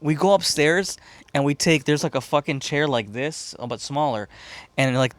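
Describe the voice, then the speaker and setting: A man's voice: a little high, normal speed, no room sound. A man from Chicago hosting a podcast, telling a story casually and profanely, rambling and laughing as he goes. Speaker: podcast host.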